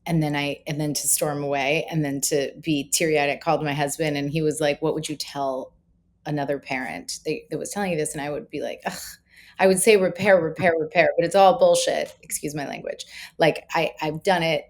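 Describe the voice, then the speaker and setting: A woman's voice: low-pitched, steady tone, fairly quick. A woman in her forties, a parenting expert, chatting candidly and with self-deprecating humor in a podcast conversation.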